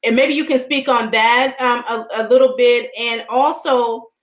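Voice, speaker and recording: A woman's voice: fairly high pitch, fairly even intonation, measured pace, poor audio. A woman hosting an interview over a video call, affirming her guest and talking with a few hesitant fillers. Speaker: host. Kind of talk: casual interview conversation.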